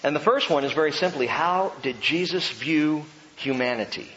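A male pastor preaching a sermon with passion, swinging between loud emphasis and slow hushed lines. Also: on the high side, animated, a little hiss or hum. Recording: dull sound with long church reverb.

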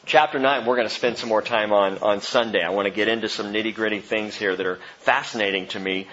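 A man preaching a Bible teaching sermon, reading expressively with loud emphasis and hushed drops. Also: lowish voice, steady tone, fast talker, few pauses, muffled recording, slight background noise. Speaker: pastor.

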